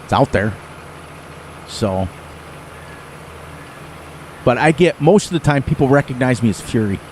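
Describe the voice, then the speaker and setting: A man's voice: mid-range voice, expressive, unhurried, darkish tone, slight background noise. A middle-aged man chatting to his viewers during a live game stream. He rambles in a folksy way and laughs often. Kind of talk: casual rambling chat to viewers.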